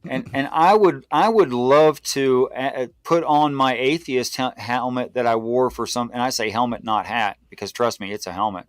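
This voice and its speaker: A man's voice: medium pitch, normal speed, hardly any pauses, no room sound. A man hosting a live stream, asking careful clarifying questions in casual conversation. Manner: probing, asks clarifying questions.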